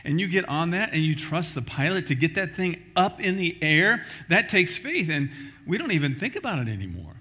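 Bright-voiced male pastor preaching. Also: fairly high pitch, sing-song, moderate pace. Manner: conversational preaching, folksy examples. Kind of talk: sermon.

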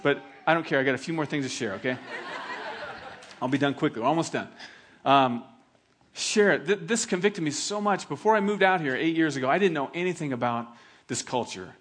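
A middle-aged male pastor preaching a sermon, telling stories in an animated, laughing way. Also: a little high, a little fast.

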